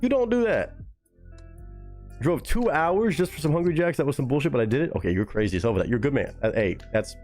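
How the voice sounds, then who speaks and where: A man talks through a live stream, reading and reacting to chat with casual swearing and sudden high-pitched mocking jabs. His middle-pitched voice leaps up and down in a lively way. Soft music plays faintly underneath. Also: very fast, hardly any pauses.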